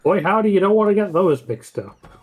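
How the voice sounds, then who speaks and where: A man's voice: high voice, lively intonation, fairly quick, breathy edge, soft background music. A man co-streaming a farming game, chiming in with dry, teasing quips. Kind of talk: casual gaming stream banter.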